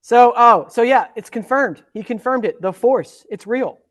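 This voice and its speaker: A man from Central Texas, a pastor and podcast guest, joking around in an animated way. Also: very high-pitched, moderate pace. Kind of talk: casual podcast chat.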